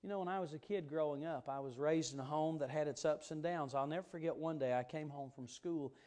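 A man's voice: on the high side, brisk, darkish tone. A man preaching an evening church sermon, earnest and emphatic, stressing and repeating key words.

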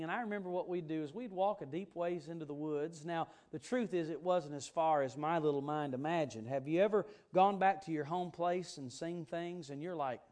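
A man's voice: on the high side, darkish tone. A man preaching a sermon in an auditorium, telling a folksy personal story and rising into emphatic bursts. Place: auditorium before an audience.

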